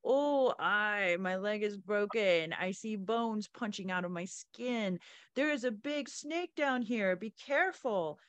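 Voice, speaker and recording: A woman voicing a resourceful, cunning woman fighter in a spoken story, talking low and urgently, sometimes faking loud moans of pain. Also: expressive, takes it slowly, clean tone, dry recording. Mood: fake moaning. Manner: hushed, urgent, then fake moaning.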